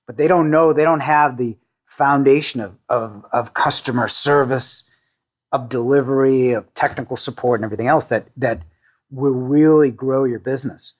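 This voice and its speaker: A middle-aged man from the Boston area, a company CEO, speaks casually in an interview with a mid-range, steady voice. He's halting and self-deprecating, restarting often and using lots of fillers.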